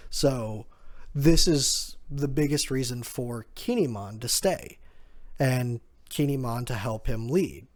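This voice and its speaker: A man with a medium-pitched, slightly mellow voice takes his time as he casually recaps a manga chapter. He acts out the characters' lines with quoted dialogue and chuckles often.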